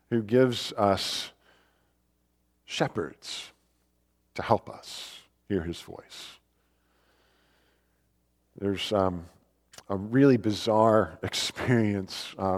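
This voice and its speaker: A man preaching in a church sanctuary, earnest and emphatic, asking his listeners questions. His voice sits at an ordinary middle pitch. The sound carries a long, ringing hall reverb. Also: darkish tone. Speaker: pastor. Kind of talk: sermon.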